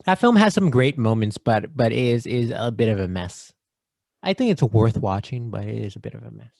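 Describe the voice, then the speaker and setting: A man co-hosting a casual movie podcast, joking and rattling off shout-outs. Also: medium pitch, very animated, normal speed, vocal fry, no echo. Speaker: podcast co-host. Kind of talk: casual chat.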